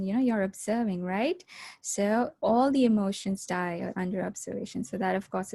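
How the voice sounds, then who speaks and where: Woman gently teaching a meditation workshop, keeps saying right?, mid voice, dry close sound. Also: mid-range voice, dry recording. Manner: gentle, explanatory, often adds "right?". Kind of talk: spiritual workshop talk.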